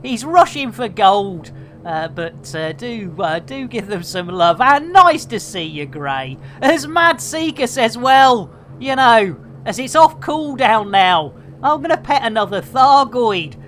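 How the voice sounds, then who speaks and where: Woman, 50s, game streamer; slightly high voice, unhurried, chatty, loud exclamations, swears. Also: lively intonation, a little hiss or hum. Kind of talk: live gameplay stream chatting with viewers.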